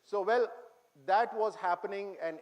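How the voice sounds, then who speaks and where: A man's voice: high-pitched, unhurried. A middle-aged man with an Indian English accent, speaking to cadets in an auditorium, telling humorous memories and quizzing his listeners. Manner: humorous, reminiscing, quizzes the audience. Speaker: guest speaker addressing cadets. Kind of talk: anecdotal speech to an audience.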